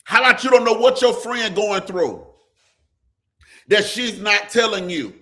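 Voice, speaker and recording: A pastor hosting a live stream preaches straight to viewers, talking to people in the comments in a high-pitched, expressive, unhurried voice with a fairly bright tone. His call-and-response style features constant "come on" calls and lines that slip into song.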